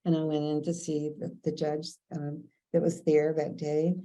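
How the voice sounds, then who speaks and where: A woman's voice: sits low, monotone, moderate pace, warm tone, low-quality recording. An older woman from Kentucky, telling chatty stories from her working life and acting out the dialogue in them. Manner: chatty, anecdotal, quotes others in dialogue. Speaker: interviewee. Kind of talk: casual storytelling.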